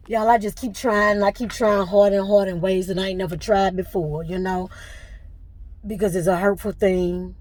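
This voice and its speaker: A woman's voice: mid-range voice, steady tone, normal speed, darkish tone, dry recording. A middle-aged woman, venting to camera with emotion and fighting back tears. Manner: tearful, fighting back crying. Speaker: vlogger.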